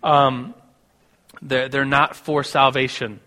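A man's voice: mid-range voice, flat delivery, slow pace, sharp tone. An American man giving a sermon, telling a personal story in a conversational way with many restarts. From United States. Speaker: preacher. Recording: long reverb of a hall.

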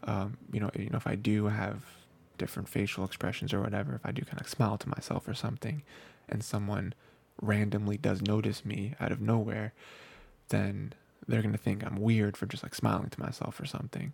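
A man with a deep, gravelly voice and a husky edge talks through a show in a relaxed, rambling way. He fills pauses with ums and you-knows and slips into quick quoted lines. It sounds like easygoing podcast chat. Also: dry recording. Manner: rambling, lots of fillers, quoting characters in quick asides. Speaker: podcast co-host. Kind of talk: casual anime review chat.

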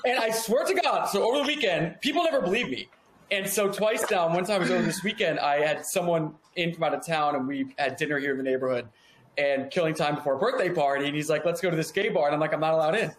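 Male guest, 30s, lively storyteller with a crude streak, voice a touch high, recorded in an echoey room. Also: fast talker. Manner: animated storyteller, profane, acts out dialogue. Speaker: podcast guest. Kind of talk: casual interview chat. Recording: echoey room with faint background hum.

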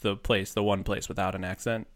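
A man's voice: on the low side, little pitch movement, a little fast. A man from Buffalo, New York, chatting casually as a podcast co-host, rambling with lots of fillers and laughing easily. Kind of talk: casual chat.

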